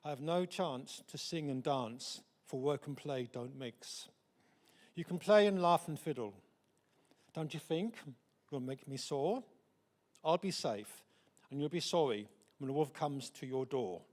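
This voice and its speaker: A man volunteer in church voicing a stern, hardworking male pig in a deliberately deep, firm reading. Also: darkish tone, long reverb tail, natural voice. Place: church stage.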